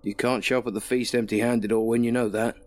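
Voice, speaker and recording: A man's voice: medium pitch, level tone, fast talker, a little mellow, natural voice. A man doing a blunt mate. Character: blunt English mate, calm and dismissive.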